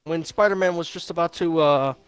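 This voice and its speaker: A man's voice: fairly high pitch, fairly quick, clear, resonant tone, no echo. A young man co-hosting a podcast, rambling through a movie recap, swearing and laughing. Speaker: podcast co-host. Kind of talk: casual movie review chat.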